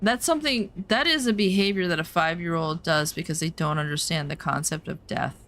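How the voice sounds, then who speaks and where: A woman's voice: fairly low pitch, fairly quick, fairly bright tone. A woman streamer chatting casually over gameplay, telling personal stories bluntly and emphatically, swearing now and then.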